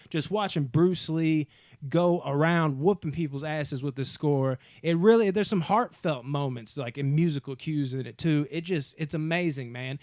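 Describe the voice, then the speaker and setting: Man, movie vlog host, casual and enthusiastic, slangy and profane, slightly high voice, dry close sound. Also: darkish tone, dry recording. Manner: enthusiastic, slangy and profane, addresses viewers as y'all. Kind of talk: casual movie talk to viewers. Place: home movie room.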